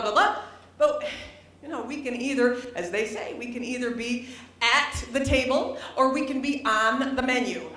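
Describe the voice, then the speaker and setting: A middle-aged woman giving a public lecture to an audience, animated and humorous, at times rising almost to a shout. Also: a little high. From United States. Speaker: lecturer, former governor. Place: library lecture hall. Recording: very echoey hall, voice from some distance.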